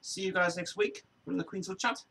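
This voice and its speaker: A man's voice: high voice, little pitch movement, quick pace, gravelly, pushed and bright, a little hiss or hum, poor audio. A man hosting a casual live-stream chat, rambling and laughing at his own impressions.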